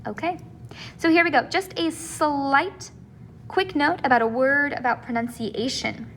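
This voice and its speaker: A woman's voice: sits high, steady tone, measured pace, fairly bright tone, a little hiss or hum. A woman teaching in a recorded video lesson, explaining step by step in a patient, encouraging way. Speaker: Spanish teacher.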